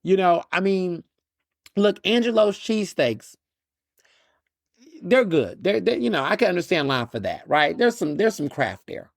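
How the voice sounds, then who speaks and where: His voice sits high and moves at a moderate pace, recorded dry with clean studio sound. The man, a Texas podcast host, delivers opinionated solo commentary that's sardonic and animated, with mocking asides and frequent restarts and repeated words.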